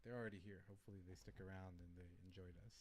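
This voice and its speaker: A man's voice: low voice, fairly even intonation, racing. A man streaming and co-hosting a podcast, rambling casually with lots of fillers. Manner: rambling, filler-heavy, laughs often. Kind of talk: casual chat.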